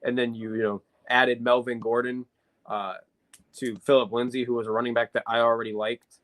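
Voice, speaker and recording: A man's voice: mid-range voice, little pitch movement, brisk, poor audio. Man, podcast co-host, analytical sports talker, mid-range voice, filler-heavy casual delivery. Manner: analytical, talks at length with many fillers.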